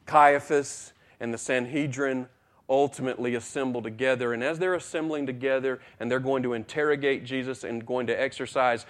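A male pastor preaching a sermon, retelling a story with acted-out dialogue and repeated words as he builds intensity. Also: medium pitch.

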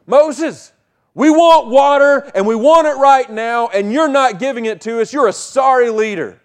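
A man's voice: extremely high pitch, measured pace, pitched above the performer's own voice. A man voicing grumbling ancient Israelites complaining in a whiny, demanding way.

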